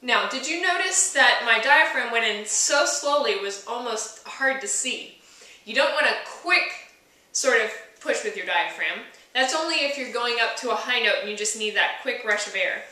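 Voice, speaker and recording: A woman's voice: on the high side, animated, moderate pace, pushed and bright. A young woman teaching a singing lesson, explaining step by step and singing short demonstration notes. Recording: echoey room from far off.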